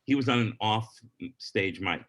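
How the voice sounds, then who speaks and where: A man's voice: fairly low pitch, animated, unhurried, fairly bright tone, dull audio. A middle-aged man, a comedian on a podcast telling a long story and acting out the people in it.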